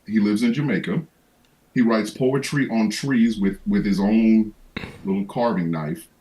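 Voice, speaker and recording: A man's voice: lowish voice, measured pace, dark tone, rough recording. A man hosting a livestream, ranting in casual comedic chat with lots of profanity and stammered restarts. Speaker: livestream host.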